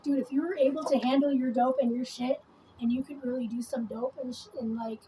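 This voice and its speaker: Doing her makeup at home, a woman rambles on in a casual vlog, cursing freely and leaning on plenty of fillers. Her high voice is steady and mellow, her pace brisk, and the rough recording carries a little background noise.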